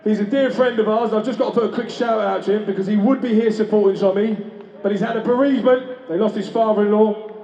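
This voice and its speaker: A man's voice: high voice, steady tone, fast talker, dark tone. A man giving an impassioned speech at an outdoor rally. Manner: chanting, impassioned, self-deprecating. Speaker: rally speaker. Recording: distant, echoey, dull PA sound in a street. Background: crowd noise.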